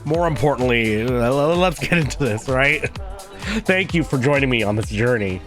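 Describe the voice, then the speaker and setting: A man's voice: mid-range voice, animated, normal speed, a bit bright, soft background music. A man streaming a game and chatting casually, rambling and joking with lots of restarts and some swearing. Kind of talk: casual live-stream chat while playing and voicing a game.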